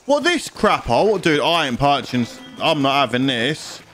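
A young man with a British accent giving rowdy, excitable let's-play commentary in a mock-outraged manner. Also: a little high, moderate pace. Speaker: gaming youtuber. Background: game music.

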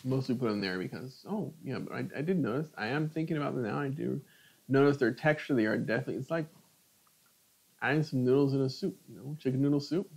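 A man's voice: medium pitch, quick pace, gravelly, husky. A middle-aged man hosting a live cooking stream, chatting casually and savoring each bite of food between remarks. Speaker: cooking channel host.

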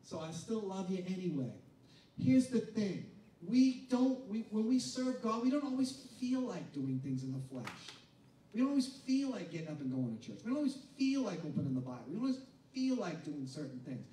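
A man preaching a sermon as pastor, chatting with the congregation and acting out doubters' voices, then rising to shouted emphasis. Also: sits high, sing-song, moderate pace, a little hiss or hum. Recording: echoey room picked up from a distance, faint ambience.

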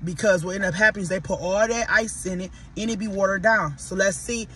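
A man from Detroit with a Detroit accent, chatting casually to viewers while he eats and reviews fast food, often calling them "y'all". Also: high voice, fairly even intonation, bright, forceful tone. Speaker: podcast host reviewing food.

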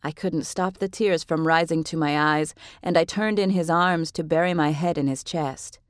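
A woman reads a novel aloud in the first person, measured and expressive. Her voice sits slightly low. The recording is close and dry, with no room sound. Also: no echo. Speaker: audiobook narrator. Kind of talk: scripted first-person narration.

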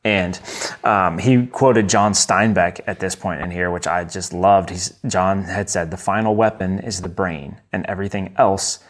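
A man with a fairly low voice hosts a casual solo podcast and reviews a book he loves. He rambles eagerly, restarts his sentences and fills the gaps with "like" and "um". He sounds like an American in his thirties. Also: fairly even intonation, a little slow. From United States. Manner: enthusiastic, rambling, many fillers and restarts.

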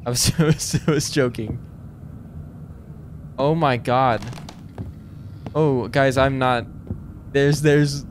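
A man playing a horror game and talking to his viewers. He reads the game text in a hushed voice, then breaks into sudden panicked yelps and nervous jokes. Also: medium pitch, slow, pauses often, background noise. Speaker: gaming streamer.

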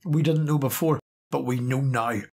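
A man's voice: mid-range voice, moderate pace, vocal fry, a little mellow. A man voicing a tense, paranoid male soldier giving clipped, urgent orders. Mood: grim.

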